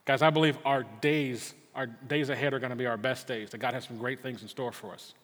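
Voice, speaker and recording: Speaking fairly quickly in a steady, medium-pitched, fairly bright voice, a middle-aged pastor preaches in a church sanctuary. He tells a personal story with earnestness and many stammered restarts, and the recording has a long hall reverb.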